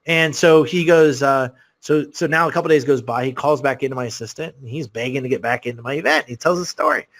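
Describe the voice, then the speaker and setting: A man pitches to his online audience at a rapid clip, his words tumbling out in an excitable, rambling story. His pitch sits in an everyday middle range, and he pads his sentences with fillers and restarts as he pushes toward a sales link. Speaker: webinar host selling a course. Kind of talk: live sales webinar pitch.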